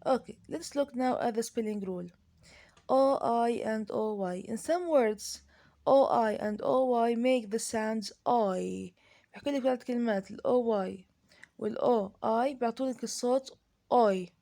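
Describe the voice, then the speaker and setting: A woman with an Arabic accent teaching an English grammar lesson, speaking slowly and deliberately, with many pauses, fillers and restarts, and switching into Arabic to explain. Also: a little high, gravelly, mellow.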